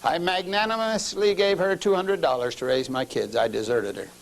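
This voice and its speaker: A middle-aged man preaching a sermon, telling a story and dropping to low murmurs before raising his voice for emphasis. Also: moderate pace, rough recording.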